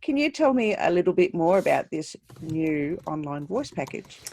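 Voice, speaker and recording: An interview host who asks a guest questions in a measured way, as if reading a prepared introduction. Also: mid-range voice, big pitch swings, mellow, slight background noise.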